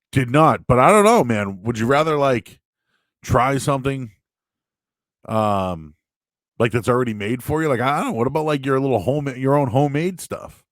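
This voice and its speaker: A man hosting a show, chatting casually and answering viewer questions in a rambling, animated way with sudden loud, high bursts. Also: no echo. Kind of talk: casual live-stream chat.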